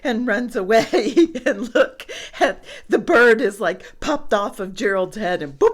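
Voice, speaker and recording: A woman reading a picture book aloud to children, asking the listener questions about the pictures. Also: fairly high pitch. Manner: slow, expressive, asks the listener questions. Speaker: storybook reader.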